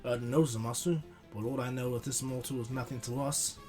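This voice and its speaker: A man's voice: medium pitch, steady tone, brisk, darkish tone, faint music behind, lightly acted. Man doing a cold, dismissive evil warrior.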